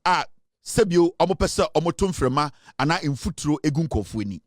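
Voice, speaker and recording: A Ghanaian-accented man delivers political commentary with a forceful, emphatic push. His voice sits a little high for a man. The sound is dry and close, with no room behind it. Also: lively intonation, a little fast, no room sound. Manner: forceful, emphatic, mixes English and Twi.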